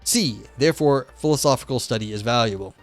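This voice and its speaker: Over soft background music, a young male livestream host reads a philosophy paper aloud in a mid-range voice, a little fast. Every so often he stops to toss in skeptical, wry remarks.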